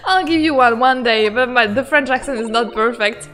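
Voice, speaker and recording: A young woman casually commenting while playing a game, giggly, excitable and rambling. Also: on the high side, moderate pace, soft background music. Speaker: game streamer. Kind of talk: casual let's-play commentary.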